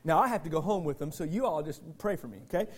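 A middle-aged male pastor preaches a sermon, alternating shouted passages with quiet asides to the congregation. His voice is fairly high, expressive and fast.

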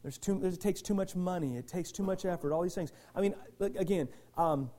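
Very high-voiced preaching man. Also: brisk, mellow. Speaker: pastor. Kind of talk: sermon.

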